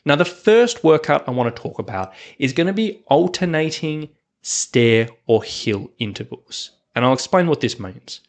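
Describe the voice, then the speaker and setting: A man's voice: on the high side, normal speed. A man hosting a solo podcast as a hiking coach, talking in an upbeat, conversational way. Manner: upbeat, conversational, lively rises and falls.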